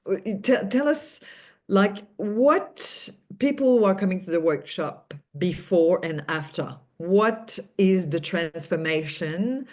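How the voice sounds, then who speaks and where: Low-pitched woman interviewer, kinda rambly, lots of um and uh. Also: a little mellow. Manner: rambling, hesitant, many fillers and restarts. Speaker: interview host. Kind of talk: interview questions.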